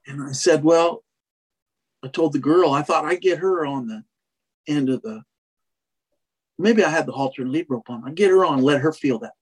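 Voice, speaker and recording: A husky-voiced man who trains horses tells a long story in casual conversation. He speaks in a fairly high register for a man and rambles, starting over often and dropping in "you know". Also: fairly quick.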